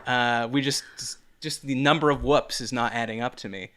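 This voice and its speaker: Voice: medium pitch, fairly even intonation, moderate pace, fairly bright tone. A podcast host chatting casually, joking wryly and laughing along with a guest. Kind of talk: casual chat.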